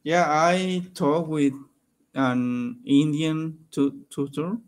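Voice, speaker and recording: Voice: medium pitch, very slow. A native Spanish speaker practicing English on a video call, answering briefly and hesitantly. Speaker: English learner. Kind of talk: casual chat on a video call.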